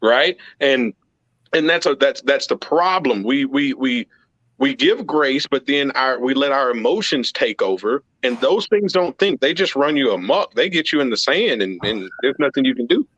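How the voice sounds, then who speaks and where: A man's voice: mid-range voice, animated, normal speed, a bit bright, dry recording. A man talking as a podcast guest in casual discussion, driving his points home and checking in with a repeated "right?". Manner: emphatic, builds arguments with repeated "right?". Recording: dull, dry lo-fi sound.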